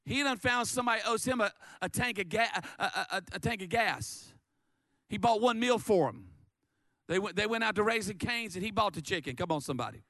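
A man preaching a sermon, animated and lively, often stammering and repeating words as he acts out the story. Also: high voice, a little fast, no echo. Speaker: pastor.

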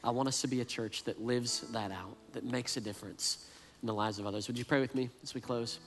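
A pastor preaching in a mid-pitched male voice that sounds neither high nor low. He talks earnestly and often doubles back on his words mid-thought. His voice rings out with a long reverb, as if in a large church hall. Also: steady tone, fairly quick, soft background music. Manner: earnest, repeats words as he restarts. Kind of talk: sermon.

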